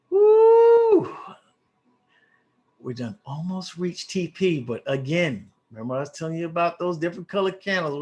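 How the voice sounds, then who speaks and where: A man who walks viewers through a live trade as a trading educator. He talks in a casual, excitable way, with quick exclamations and a lot of restarts. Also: mid-range voice.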